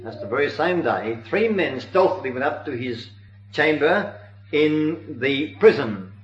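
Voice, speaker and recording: A man giving a sermon on church history, telling it earnestly with occasional hesitations, in a dull, roomy old recording. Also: fairly high pitch. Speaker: preacher.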